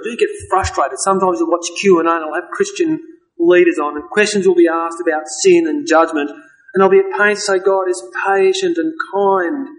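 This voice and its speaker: A man preaching a sermon, earnest and emphatic, slowing down to stress key words. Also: a little high, rough recording.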